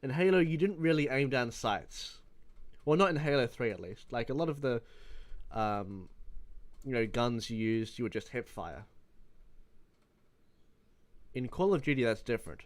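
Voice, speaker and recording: A young Australian man in his early twenties rambles through a casual gaming vlog, swearing freely and laughing at his own stories. His pitch sits at an ordinary male middle. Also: animated, normal speed, long pauses. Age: around 20. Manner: rambling, profane, laughing storyteller. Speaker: gaming YouTuber.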